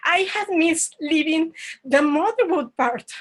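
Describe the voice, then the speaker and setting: A woman, telling a personal story in an earnest, halting way over a video call. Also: very high-pitched, lively intonation, poor audio. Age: 40s. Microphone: online video call.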